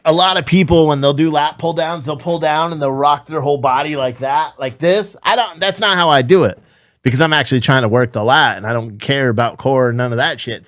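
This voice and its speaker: A man telling a gym story in a put-on Southern accent, excited and profane. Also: a little high, dry recording, clean studio sound, close to an everyday voice. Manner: excited, profane, laughing, animated. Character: himself as a worked-up Southern gym guy. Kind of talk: comic storytelling.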